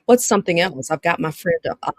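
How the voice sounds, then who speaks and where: A woman with a Southern US accent hosts a live-streamed dating talk, reading viewer comments aloud and answering them directly, repeating herself a lot. Her voice sits on the low side with lively intonation and a fairly quick pace. The recording is rough, with no echo.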